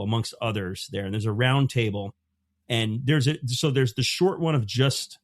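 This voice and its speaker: A man's voice: fairly low pitch, no echo, studio quality. A man as a podcast guest, telling stories in casual chat with many restarts and acting out the people he quotes. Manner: animated storytelling with many restarts; acts out quoted voices.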